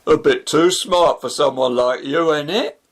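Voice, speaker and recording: Guy doing a sneering mocking dude, slow and gravelly. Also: medium pitch, a bit bright. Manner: taunting and sneering. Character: sneering mocking man, coworker.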